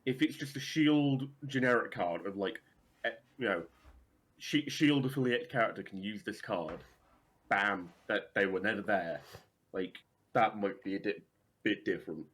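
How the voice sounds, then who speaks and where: A man co-hosting a casual gaming podcast, animated and swearing casually. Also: on the low side, breathy edge. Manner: animated, swears casually, acts out quick voices. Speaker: podcast co-host.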